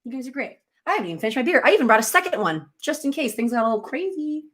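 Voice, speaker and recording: A young American woman chatting casually on a livestream, animated and quick to laugh as she reads and answers viewers. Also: high voice. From United States. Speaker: livestream host.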